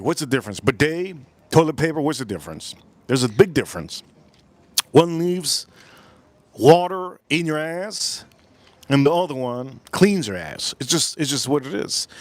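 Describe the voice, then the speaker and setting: A man's voice: on the high side, animated, normal speed, no echo. A man hosting a casual food livestream outdoors in the cold, crude and rowdy, repeating himself and calling out to the chat. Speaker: livestream host.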